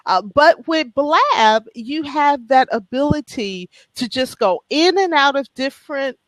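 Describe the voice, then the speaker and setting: A woman's voice: high voice, expressive, a little slow, no echo. A woman co-hosting a live video stream, chatting casually and asking guests enthusiastic questions. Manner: enthusiastic, friendly, interviewing.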